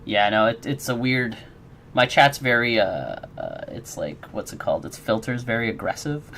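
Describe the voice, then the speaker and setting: A man talking to his stream viewers in a loose, rambling way, with a gravelly rasp and a pitch that swings up and down a lot. He sounds friendly and encouraging while he reads chat and answers questions. A faint hiss sits under his voice. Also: lively intonation, moderate pace, a bit bright. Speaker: game developer streaming his work.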